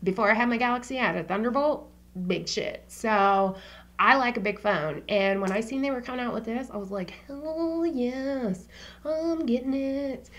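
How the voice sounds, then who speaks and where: A woman's voice: mid-range voice, brisk, a bit bright. A woman vlogging about her favorite beauty products in a casual, slangy chat, swearing freely and dropping into whispers for asides.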